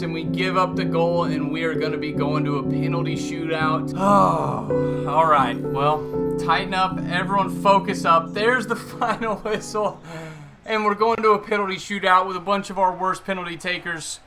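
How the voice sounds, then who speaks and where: A man commentating his own football video game match, swinging from calm play-by-play to excited yelling. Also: high-pitched, moderate pace, over loud music. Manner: excitable, screams at goals, then deflated and muttering. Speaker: gaming YouTuber. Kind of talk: live gameplay commentary.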